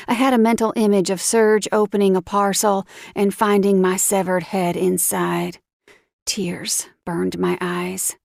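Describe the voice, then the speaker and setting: Woman reading a romance audiobook, slow and dramatic, dry close sound. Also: medium pitch, level tone, gravelly, darkish tone, no echo. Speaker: audiobook narrator. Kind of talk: first-person romance audiobook narration.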